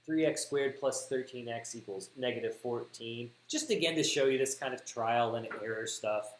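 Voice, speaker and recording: A man's voice: mid-range voice, normal speed. A man with a Southern US accent teaching algebra on a livestream, thinking aloud, correcting himself and repeating words for emphasis. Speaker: math teacher. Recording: echoey room with faint hiss.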